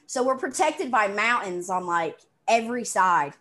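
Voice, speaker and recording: A woman's voice: mid-range voice, expressive, moderate pace, fairly bright tone. A woman from Virginia hosting a casual interview, chatting loosely with lots of fillers. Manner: casual, peppered with "like". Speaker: podcast host.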